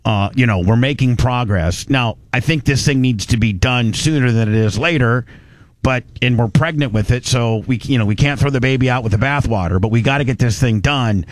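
A man's voice: medium pitch, fairly quick, no room sound. A man hosting a talk radio show, blunt and crude in his commentary.

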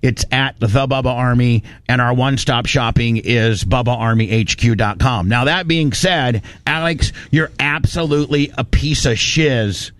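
A man's voice: mid-range voice, unhurried, few pauses, no echo. A ranting man hosting a radio show. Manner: animated storytelling, ranting, profane. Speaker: radio talk show host. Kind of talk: casual studio chat. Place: radio studio.

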